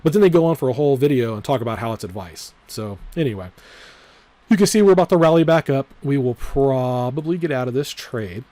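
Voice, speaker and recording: Man, trading vlog commentary, casual, rambling, swears a lot, lots of filler words, repetitive, middle pitch. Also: expressive, fairly quick, mellow, no echo. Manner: repeats his disclaimers over and over. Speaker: trading vlogger.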